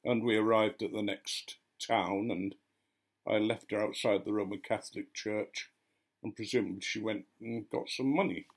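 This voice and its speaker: A man's voice: fairly low pitch, fairly even intonation, moderate pace. An older man, a retired vicar, telling a story casually and acting out the voices of the people in it. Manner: gently amused, acting out quoted voices.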